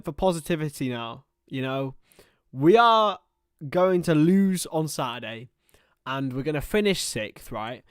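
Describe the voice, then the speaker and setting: A young man in his twenties giving chatty, excitable live football watchalong commentary to his chat, laughing often. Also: on the high side, a little slow, clear, resonant tone, no room sound, studio quality. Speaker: streamer and commentator.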